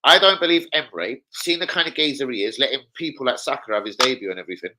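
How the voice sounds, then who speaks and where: A man's voice: mid-range voice, quick pace, background noise. A young man ranting casually about football as a fan channel host, swearing a lot and slipping into impressions of people. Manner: animated, sweary, slangy, mimics people.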